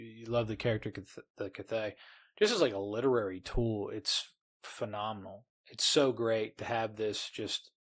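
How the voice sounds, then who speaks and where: A man co-hosting a podcast, talking enthusiastically about a fantasy novel in a rambling way, with many restarts. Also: fairly low pitch. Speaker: podcast co-host. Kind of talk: casual book discussion.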